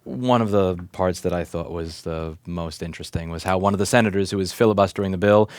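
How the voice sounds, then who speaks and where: A man's voice: low-pitched, no echo. A man in his thirties, a repair shop owner and advocate, giving an impassioned, indignant rant to camera, firing off rhetorical questions and swearing for emphasis. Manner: rhetorical questions, hammering repetition. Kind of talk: direct-to-camera commentary rant.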